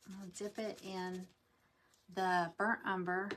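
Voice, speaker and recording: Over a noisy background, a woman with a mid-range voice speaks flatly at a measured pace. She's running a casual craft demo livestream, rambling and chatting directly to viewers as she works on a craft project.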